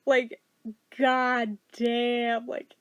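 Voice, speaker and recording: A woman giving a casual movie review, excitable, swearing freely and laughing often. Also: a little high, very slow, clean tone, no echo.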